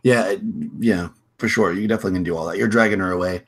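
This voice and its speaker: A man with a low, husky voice narrates as game master for a tabletop game. He rambles through his descriptions, restarting phrases as he goes. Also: steady tone, quick pace, fairly bright tone. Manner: rambling, full of restarts and fillers.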